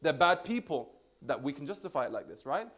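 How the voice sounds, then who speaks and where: A man's voice: on the high side, big pitch swings, a little fast, fairly bright tone. A man giving a sermon, asking rhetorical questions, checking in with "correct?", and weaving Arabic religious terms into English. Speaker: speaker at a religious gathering.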